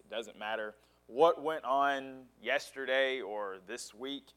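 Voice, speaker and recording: A man's voice: medium pitch, slow, fairly bright tone, smooth. A male pastor preaching a sermon, retelling a story dramatically and stressing words in emphatic lists.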